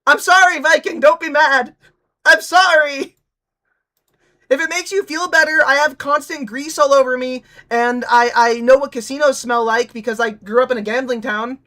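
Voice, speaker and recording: A woman's voice: high-pitched, fairly even intonation, normal speed, bright, forceful tone. A young woman from Nevada streaming casually, ranting and mocking with lots of swearing.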